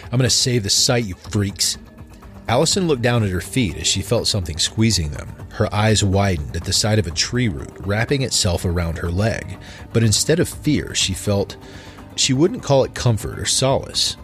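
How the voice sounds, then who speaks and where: Low-voiced man narrating a horror story. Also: lively intonation, moderate pace, faint music behind.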